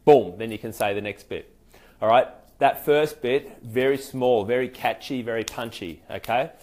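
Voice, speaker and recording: A man with an Australian accent teaching sales call technique in a relaxed, conversational way, full of fillers and restarts. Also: medium pitch, moderate pace. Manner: chatty, loose and hesitant, many fillers and restarts; acts out sample phone greetings. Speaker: sales trainer. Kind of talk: conversational training talk.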